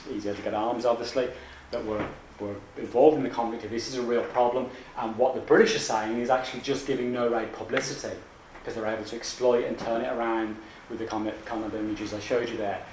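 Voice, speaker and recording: A man giving an academic lecture in a lecture hall, talking in a halting way with many restarts and asides. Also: lowish voice, flat delivery, far from the mic, background noise.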